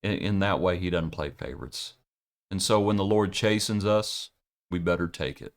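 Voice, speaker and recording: A man preaching in a daily devotional Bible lesson, reflective and halting, often repeating words and restarting sentences. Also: deep voice.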